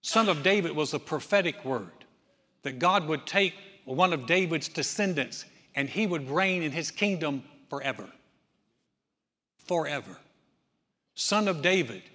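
A man preaching a sermon, animated, acting out scenes with loud cries and asides. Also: fairly high pitch, a little slow. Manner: animated, acts out voices with shouts. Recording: echoey hall.

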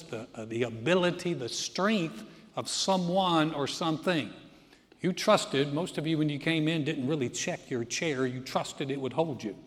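A middle-aged male pastor preaching a sermon in a church sanctuary, telling funny stories and acting out other people's voices. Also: fairly high pitch. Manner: storytelling with jokes and acted-out voices. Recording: long hall reverb.

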